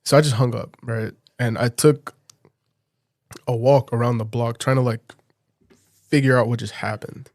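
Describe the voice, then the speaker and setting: A man's voice: mid-range voice, normal speed, pauses often, no room sound. Man telling a story in a dry voice. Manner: animated, laughs often while telling a story. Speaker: podcast guest. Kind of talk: casual storytelling.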